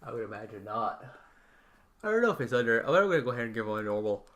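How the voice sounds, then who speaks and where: A man's voice: mid-range voice, very animated, fast talker, fairly bright tone. A man acting as game master, narrating a tabletop game in a casual, offhand way.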